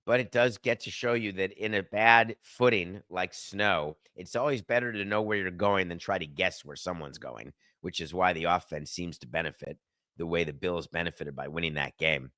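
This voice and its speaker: A man's voice: deep voice, moderate pace, sharp tone, dry recording, clean studio sound. A middle-aged man hosting a sports podcast, delivering an emphatic, sardonic opinion monologue and arguing with himself. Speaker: podcast host.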